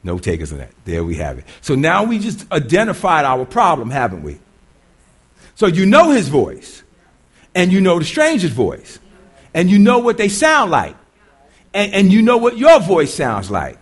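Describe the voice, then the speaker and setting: A male preacher delivers a conversational sermon, stopping often to question his listeners. His voice is high for a man and swings widely in pitch. He often restarts and repeats his words as he talks it through. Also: wildly swooping pitch, normal speed, husky. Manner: conversational, quizzes the congregation, repeats himself.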